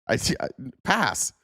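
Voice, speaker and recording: A man's voice: bright, forceful tone, no echo, clean studio sound. A man hosting a political livestream, sarcastic and joking, answering his chat as he goes. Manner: sarcastic, talks back to chat. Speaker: host. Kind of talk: casual political livestream commentary.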